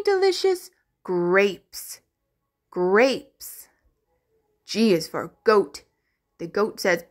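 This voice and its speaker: A woman teaching the alphabet to toddlers in a slow, sing-song, exaggerated way, with playful animal sounds. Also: medium pitch, big pitch swings. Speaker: children's educator.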